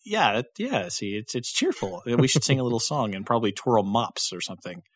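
A man's voice: mid-range voice, very animated, fairly quick, dry recording, clean studio sound. Jokey male podcast co-host. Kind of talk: casual chat and show outro.

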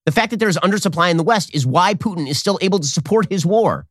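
A man hosting a political commentary show, talking in a rapid, sarcastic, mocking monologue. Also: high-pitched, lively intonation, a bit bright, no room sound, clean studio sound. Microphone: studio mic with earpiece.

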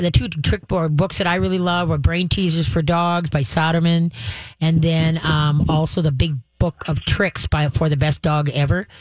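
A dog trainer hosting a call-in radio show, talking in a chatty, loose way with plenty of fillers and restarts. The voice sits at a middle pitch. The sound is close and dry. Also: no room sound, low-quality recording. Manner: lively, acts out owner and dog voices.

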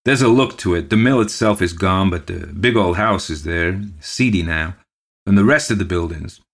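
A man voicing an old male country postmaster who speaks calmly and placatingly. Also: low voice, moderate pace, vocal fry. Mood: earnest. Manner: calm, placating, murmuring.

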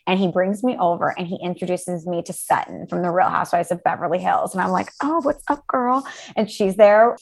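A woman co-hosting a podcast, telling a story in a chatty, animated way with quoted dialogue. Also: lowish voice, brisk, gravelly, hardly any pauses. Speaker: podcast co-host. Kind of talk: casual storytelling chat.

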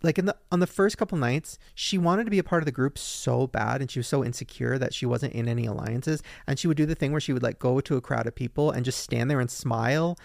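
A man's voice: medium pitch, fast, gravelly, hardly any pauses, no room sound, clean studio sound. A man co-hosting a podcast in casual, gossipy chat, often mimicking people as he tells stories. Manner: gossipy, animated, mimics people mid-story. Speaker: podcast co-host.

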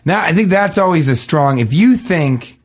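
A man co-hosting a podcast, telling casual comic stories and acting out the people in them with sudden jumps in pitch. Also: animated, normal speed. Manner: acts out quoted voices, jumping pitch. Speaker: podcast co-host. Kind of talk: casual comedic storytelling.

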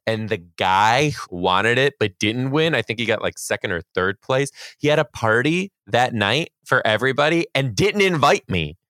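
A man's voice: mid-range voice, lively intonation, normal speed, few pauses, bright, forceful tone, no room sound, clean studio sound. A man hosting a casual podcast chat, loose and jokey, swearing freely as he tells stories.

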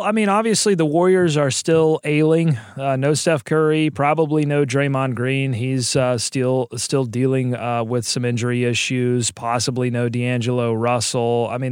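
A man's voice: medium pitch, clear, resonant tone, no room sound, clean studio sound. A man co-hosting a sports podcast, talking in a loose, joking, rambling way about basketball. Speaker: podcast co-host. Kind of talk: casual sports podcast chat.

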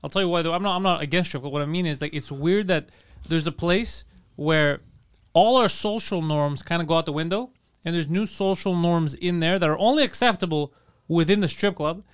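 Man, comic co-host, high pitched and clear, riffs on observations. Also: brisk. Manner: riffing on bits, laughs often. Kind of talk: casual comedic chat.

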